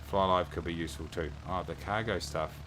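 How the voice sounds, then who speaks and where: Low-voiced New man chatting on stream. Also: steady tone, a little fast, background noise. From New Zealand. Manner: chatty, reads viewer messages aloud and thanks them. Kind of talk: casual livestream chat.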